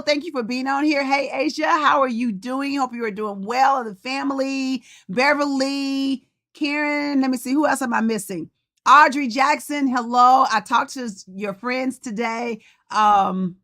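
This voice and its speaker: A woman's voice: fairly high pitch, bright, forceful tone. A middle-aged woman hosting a podcast livestream in casual chat, greeting viewers by name. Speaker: podcast host and coach.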